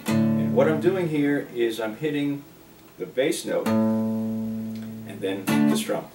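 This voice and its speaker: A man teaching a guitar lesson, explaining chords and strumming while he plays, sometimes singing a line. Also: on the low side. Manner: unhurried, explains while playing, breaks into singing. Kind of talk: relaxed guitar lesson, talking and singing along. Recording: roomy sound, mic at a distance, loud guitar. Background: his own guitar playing.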